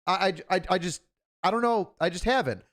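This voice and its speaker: A man's voice: high-pitched, a little fast, fairly bright tone. A man, a police officer hosting a stream, talking in a rambling, profane, laughing way. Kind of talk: casual chat.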